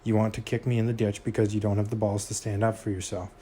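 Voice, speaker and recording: A man's voice: fairly low pitch, little pitch movement, quick pace, mellow, slight background noise, close to an everyday voice. A man reading aloud, voicing a manipulative estranged father who turns cold and menacing. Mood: bitter. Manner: clingy, turning cold and menacing.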